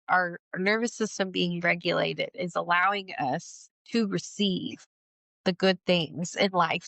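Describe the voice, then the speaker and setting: A woman's voice: medium pitch, gravelly, fairly bright tone, dry recording. A woman co-hosting a podcast in casual chat, earnest and reflective. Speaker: podcast co-host.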